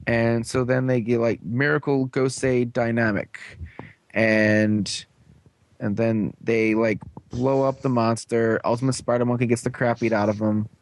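A young man hosts the show and recaps an episode in a rambling, filler-heavy way with sarcastic asides. His voice sits at a middle pitch, and the recording is close and dry, with no room sound. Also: little pitch movement, unhurried, no room sound. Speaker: show host.

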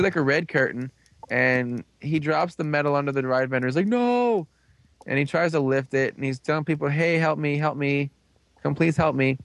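A young man hosting a casual chat, rambling through a recap with lots of fillers and quick put-on voices for the characters. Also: mid-range voice, fairly bright tone, dry recording. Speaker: podcast host recapping a show.

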